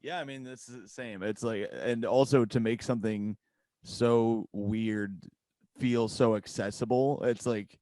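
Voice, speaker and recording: A man's voice: mid-range voice, fairly even intonation, a little slow, mellow, no echo. A man as a podcast guest, joking and laughing often in casual chat.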